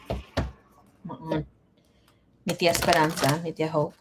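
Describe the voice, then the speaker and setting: A woman's voice: mid-range voice, measured pace, long pauses, background noise. A woman tarot reader chatting casually on a live stream. She reads viewer comments aloud and drops Spanish words into her English. She sounds emotional and grieving.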